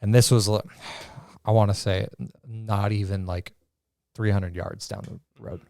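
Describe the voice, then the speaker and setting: A young man co-hosting a podcast, telling a crude childhood story in casual chat, animated and swearing freely. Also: fairly low pitch, a little slow, vocal fry. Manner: storytelling, profane and animated, acts out quoted voices. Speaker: podcast co-host.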